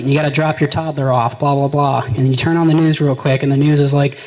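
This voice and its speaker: A man's voice: fairly high pitch, level tone, fast talker, a little mellow, poor audio. A man performing a stand-up comedy set, telling stories with quoted back-and-forth exchanges. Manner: conversational storytelling with quoted exchanges. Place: small live venue.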